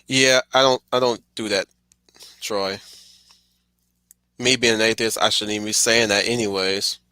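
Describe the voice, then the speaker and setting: A man's voice: lowish voice, fairly even intonation, normal speed, sharp tone, smooth, no echo. A man streaming a casual, rambling film commentary, stuttering and restarting his sentences often.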